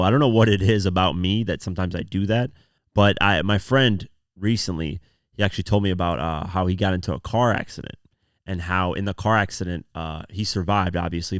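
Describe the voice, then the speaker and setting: A young man hosts a podcast in a low voice, recorded in studio quality with no room sound. It's casual solo commentary, a loose, rambling story packed with fillers like "you know" and "man."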